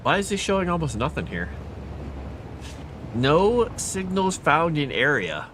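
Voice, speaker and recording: Lively man chatting on a game stream. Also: on the high side, unhurried, a little hiss or hum. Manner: chatty, coos and baby-talks to his cat. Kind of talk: casual game stream chat. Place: home, indoors.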